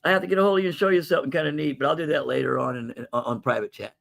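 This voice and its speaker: A man's voice: a little high, rapid-fire, vocal fry, fairly bright tone. A man hosting a casual livestream sale of coins and jewelry, chatty and folksy, calling viewers "folks.". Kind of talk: casual live sales stream.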